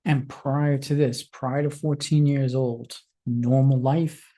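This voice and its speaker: A man hosting an interview, answering with quiet, brief backchannel replies. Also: mid-range voice, steady tone, takes it slowly. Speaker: interview host. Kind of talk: listening with short replies.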